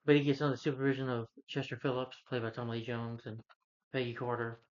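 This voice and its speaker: A man's voice: medium pitch, steady tone, fast talker, a little mellow, highs cut off. Man rambling through a movie recap. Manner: rambling, loose retelling with restarts; earnest, heartfelt asides. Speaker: movie reviewer. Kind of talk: casual plot recap.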